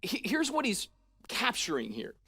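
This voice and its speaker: A pastor preaches a sermon in a relaxed, conversational way, his voice mid-pitched, slightly rough, and at normal speed. He acts out paraphrased lines in a lively, casual manner and keeps checking in with the congregation with "right?". It sounds recorded during a church service.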